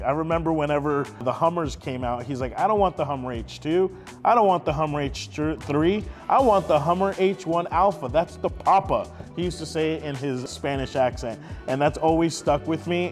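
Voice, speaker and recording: A man's voice: on the high side, darkish tone. A man, a watch dealer, showing off a luxury watch in an emphatic, enthusiastic showcase, repeating phrases for effect. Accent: Texas.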